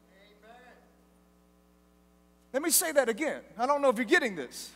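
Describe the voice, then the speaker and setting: A man preaching a sermon at a live event, telling stories in a lively, joking way. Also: extremely high pitch, normal speed, long pauses. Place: large event hall. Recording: long hall reverb from live event.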